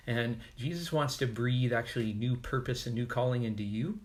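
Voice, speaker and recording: A man's voice: medium pitch, moderate pace, few pauses. A male pastor giving a casual, conversational devotional sermon with joking asides.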